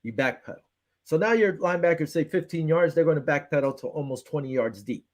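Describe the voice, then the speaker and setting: A man with a slightly high voice hosts a casual sports talk show. He rants with frustration and acts out his phone calls in quoted back-and-forth. He keeps the energy up as he picks apart the defense. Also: fast talker. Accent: Western New York.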